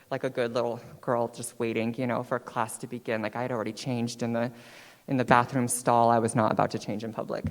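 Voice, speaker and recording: A woman in her twenties, a guest speaker telling her own story on stage in a chatty, animated way, often checking in with "right?". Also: extremely low pitch. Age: 20s. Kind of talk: personal storytelling talk. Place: stage in a hall. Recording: long hall reverb.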